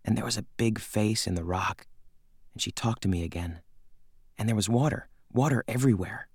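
A man voicing a lonely, restless orphan boy who speaks softly and low in a storybook reading. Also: normal speed, breathy edge, no room sound, clean studio sound. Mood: hushed, wistful. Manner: soft, low and hushed.

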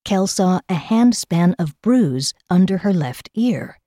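A woman with a fairly low voice reads a novel aloud. Her delivery is measured and steady. The recording is dry, with no room sound. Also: dry recording. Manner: measured storybook reading. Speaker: audiobook narrator. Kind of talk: scripted narration.

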